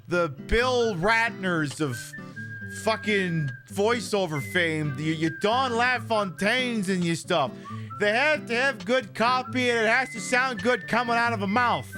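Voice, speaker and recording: Young male streamer, high voice, loose and profane, music bed underneath. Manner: rambling, profane, animated. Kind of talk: casual live-stream commentary.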